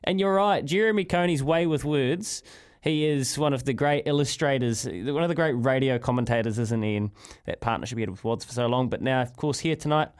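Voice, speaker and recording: A man's voice: medium pitch, clean tone. A man with a New Zealand accent hosting a live sports talkback radio show, chatty and upbeat. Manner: chatty and upbeat, quick laughs.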